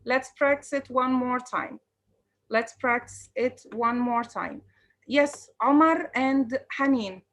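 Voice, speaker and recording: A woman's voice: a little high, slow pace, fairly bright tone. Fields: woman, teacher. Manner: encouraging, switches between English and Arabic. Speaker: English teacher. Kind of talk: online class instruction.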